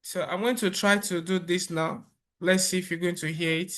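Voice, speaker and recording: A man presenting a software tutorial over a screen recording, explaining step by step in a relaxed way with fillers and restarts. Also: sits high, normal speed.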